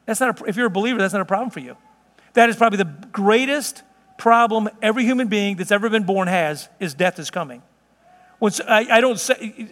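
High-voiced preacher in a reverberant hall. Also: male voice, fairly bright tone. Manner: conversational, storytelling with laughs. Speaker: pastor. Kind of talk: sermon. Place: church hall.

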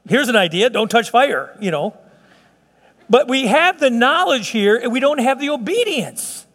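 A middle-aged pastor with a high voice delivers a sermon in a casual, joking manner, stumbling and restarting as he goes. His voice carries a long church reverb. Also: sing-song, moderate pace, a bit bright. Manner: conversational, playful asides with many restarts.

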